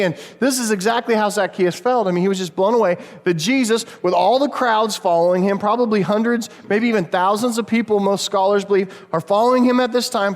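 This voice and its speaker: A man with a notably high voice delivers a chatty, story-driven sermon. His words ring out with a long reverb from the church hall around him. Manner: conversational, storytelling, addresses kids. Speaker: pastor. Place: church sanctuary.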